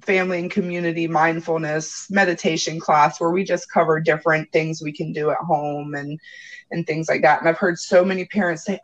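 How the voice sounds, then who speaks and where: High-pitched man, mindfulness teacher, musing and easygoing in casual conversation. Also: flat delivery, brisk, fairly bright tone, muffled recording. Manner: reflective, loose talk full of "like".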